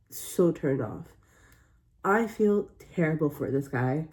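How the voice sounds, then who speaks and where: A woman's voice: deep voice, animated, slow, darkish tone. A woman hosting a reaction video, talking casually to viewers in an exclamatory, incredulous way.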